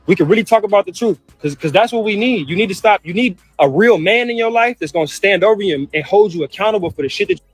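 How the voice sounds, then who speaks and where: The brother in this family feud clip goes on a heated, profane tirade about his mother, circling back to the same points over faint music. His high-pitched, husky voice is expressive and quick, with few pauses, and the recording is dry.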